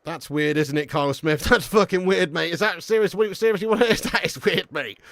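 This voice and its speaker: Excitable man hosting a live stream. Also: high voice, moderate pace, dry recording, clean studio sound. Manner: excitable banter, laughs often, reads chat aloud. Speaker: live stream host watching a football match. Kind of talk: casual live watch-along commentary and chat reading.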